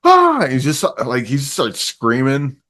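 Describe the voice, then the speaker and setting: A man's voice: mid-range voice, steady tone, moderate pace, a bit bright. A man reviewing a movie in casual chat, rambling and laughing often as he acts out scenes.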